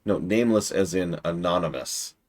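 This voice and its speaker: A man reading game dialogue as an arrogant male villain, slow and haughty, speaking with contempt. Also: deep voice, a little mellow, voice pushed down, natural voice. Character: arrogant male villain servant of a nameless master.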